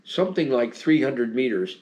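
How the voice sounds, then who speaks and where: A man's voice: medium pitch, animated, moderate pace, darkish tone, slight background noise. An American man in his seventies, telling old stories as an interview guest. He rambles, circles back with fillers and restarts, and chuckles as he goes. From United States. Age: 70s. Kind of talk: casual storytelling interview.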